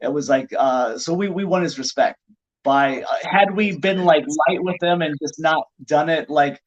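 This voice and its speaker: A middle-aged man tells wrestling-locker-room stories in a lively, rambling podcast chat, leaning on "like" as he goes. His voice sits a little high for a man. The recording is muffled and lo-fi. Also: moderate pace. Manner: animated anecdote-telling, heavy use of "like". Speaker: pro wrestler guest. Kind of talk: casual podcast storytelling.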